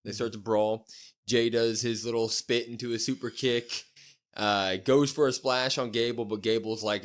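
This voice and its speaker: A man's voice: medium pitch, steady tone, normal speed. A male podcast co-host tells a story in a loose, slangy play-by-play. His voice sits in an ordinary middle register, and the chat stays casual and easygoing. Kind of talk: casual chat recapping a wrestling show.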